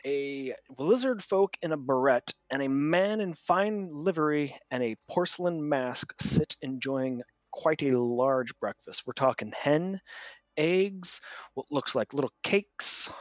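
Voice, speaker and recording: A man's voice: on the high side, no room sound, highs cut off. A man running a tabletop game as game master, describing scenes with many fillers.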